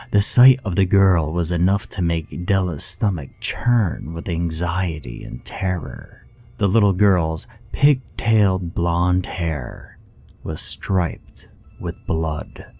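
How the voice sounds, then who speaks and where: A man narrating a horror story in a hushed, measured, scripted manner. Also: deep voice. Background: faint music.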